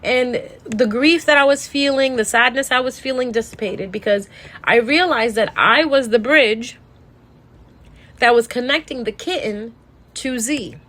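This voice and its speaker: A woman's voice: a little high, a bit bright. Emotional woman rambling through a sad story. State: sad, tearful. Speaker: tarot reader. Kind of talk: casual storytelling monologue.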